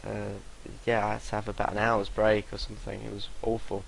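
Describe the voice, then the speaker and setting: A man's voice: on the low side, monotone, a little fast, gravelly, a little hiss or hum, poor audio. Young guy rambling on in a vlog, swears a lot, laughs mid-sentence. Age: young adult. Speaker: vlogger. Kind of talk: casual storytelling to camera.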